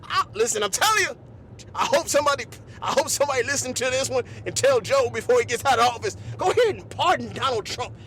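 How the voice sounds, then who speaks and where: A man hosting a podcast, delivering an animated comedic monologue full of laughs and repeated asides. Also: extremely high pitch, quick pace, slight background noise. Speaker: podcast host.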